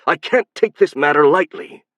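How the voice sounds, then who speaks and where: A man's voice: on the high side, lively intonation, normal speed, fairly bright tone, dry recording, voice pushed up. A man voicing a weary, sarcastic nobleman. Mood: insistent. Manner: sarcastic, insistent. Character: weary, anxious middle-aged nobleman. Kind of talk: audiobook narration.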